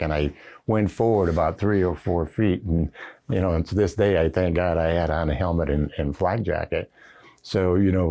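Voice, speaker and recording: An older man, a retired Marine general, tells anecdotes in a recorded oral history interview, his voice low and mellow. His storytelling is folksy and packed with "uh" and "you know." The camera setup records him with the interviewer behind it.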